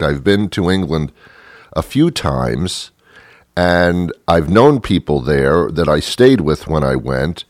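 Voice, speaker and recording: A man's voice: low voice, dry recording, studio quality. A middle-aged man hosting a show, telling a rambling comic monologue full of self-deprecating, apologetic asides. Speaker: show host.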